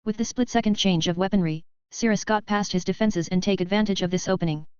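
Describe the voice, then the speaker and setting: A woman's voice: medium pitch, quick pace, darkish tone, smooth, no room sound, lo-fi sound. A woman giving a scripted novel narration, reading evenly and steadily. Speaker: audiobook narrator.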